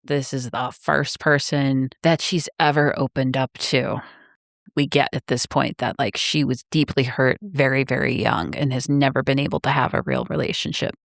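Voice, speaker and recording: A woman co-hosting a book podcast, telling a relaxed anecdote and giving her rating. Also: very deep voice, moderate pace, gravelly, no room sound, studio quality. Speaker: podcast co-host. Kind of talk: casual book-club chat.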